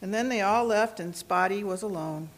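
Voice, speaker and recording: A woman reading a children's storybook aloud in a gentle, expressive way. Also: medium pitch, normal speed.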